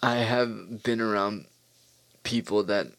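Low-voiced, foul-mouthed man ranting. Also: steady tone, slow pace, a bit bright, dry recording. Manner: profane, rambling, mocking. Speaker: podcast host. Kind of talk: casual solo podcast monologue.

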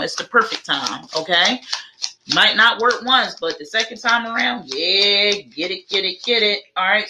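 A woman's voice: medium pitch, sharp tone, slight background noise, rough recording. A woman giving a casual live tarot reading, chatty and repetitive, thinking aloud as she draws each card. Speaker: tarot reader.

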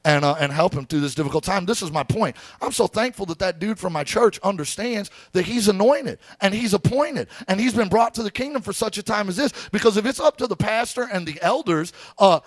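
A man preaching a sermon as pastor. His voice sits high and sounds dry and close, with no room echo. He tells stories in an easy, talky way and keeps calling out to his listeners. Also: animated, a little fast, few pauses. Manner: conversational storytelling with preacher call-outs.

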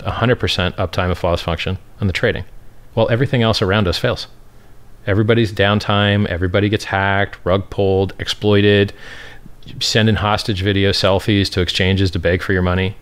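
A man, a crypto project founder, giving brash, boastful and scornful answers in an interview. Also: deep voice.

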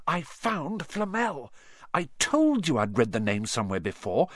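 A man's voice: fairly low pitch, huge pitch swings, fairly quick, fairly bright tone, dry recording, clean studio sound, full character voice. A man voicing an earnest, kind young boy wizard who speaks reassuringly. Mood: excited.

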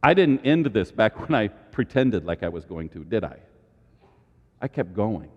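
Guy preaching a sermon, big swoops up high on asides, echoey church hall, kinda muffled. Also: measured pace. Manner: animated, dramatic asides and sudden high exclamations. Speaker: pastor.

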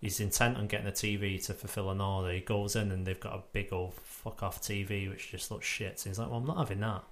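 A man co-hosting a casual podcast chat in an attic room, telling stories in an animated way with lots of fillers. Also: low-pitched, a little fast, a little hiss or hum. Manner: animated storyteller, many fillers.

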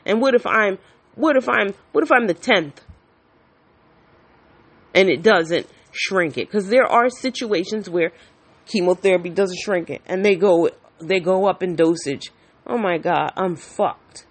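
A woman's voice: medium pitch, measured pace. A woman talking frankly to the camera in a casual monologue, blunt and outspoken, now and then swearing, and acting out the people she quotes as she tells her story. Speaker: vlogger.

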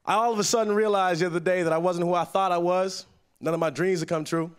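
On a festival stage, a young man performs stand-up, telling stories with animated energy and bursting into sudden loud, yelled impressions. His voice sits high and moves fast and smooth.

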